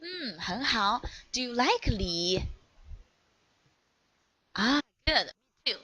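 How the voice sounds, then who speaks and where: A woman whose first language is Chinese teaches a one-on-one English lesson online over a video call, with a rough recording. She speaks slowly and encouragingly, praising often and modelling each word clearly, in a fairly high, sharp voice with big pitch swings.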